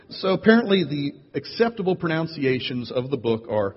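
A man preaching a sermon as pastor, playful and animated, jumping up in pitch to tease and draw in his listeners. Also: a little fast, few pauses, breathy edge. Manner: playful, animated storyteller with big jumps in pitch. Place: church sanctuary. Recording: lo-fi echoey hall recording.

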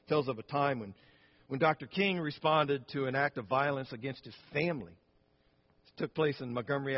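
A man's voice: mid-range voice, muffled recording. A man pastor preaching a sermon, telling a story earnestly and often restarting his phrases.

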